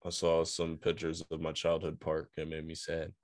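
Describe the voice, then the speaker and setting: A man's voice: a bass voice, monotone, normal speed, dry recording, clean studio sound. A man co-hosting a casual podcast, bantering and laughing often. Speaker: podcast co-host. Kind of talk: casual profane podcast chat.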